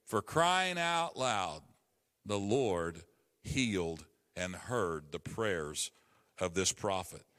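A man's voice: low voice, animated, drawn-out words, a bit bright, in a large hall. A man preaching a sermon as pastor, building to emphatic calls as he speaks.

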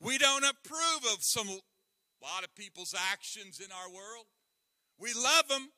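High-voiced, bright pastor preaching slowly. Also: male voice, animated, no echo, clean studio sound. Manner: dramatic swings from loud to hushed; breaks into hymn lines. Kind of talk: sermon.

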